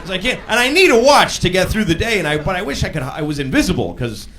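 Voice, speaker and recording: A man doing a stand-up comedy routine on a club stage, animated and sometimes shouting. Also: high voice, fast talker. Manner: animated, bursts into shouted impressions. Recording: live club with crowd laughter and noise. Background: audience laughing.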